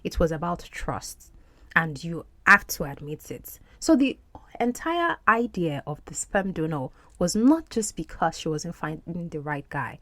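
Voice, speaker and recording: A woman's voice: lowish voice, big pitch swings, measured pace, a bit bright, no echo. A woman hosting a podcast English lesson, explaining film clips and repeating words for practice. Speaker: podcast host and English teacher.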